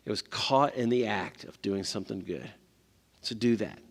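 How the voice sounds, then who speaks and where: A man's voice: on the low side, animated, moderate pace. A man speaking at a parent seminar, telling stories and asking the audience questions. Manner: conversational, asks the audience questions. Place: church hall. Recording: long hall reverb.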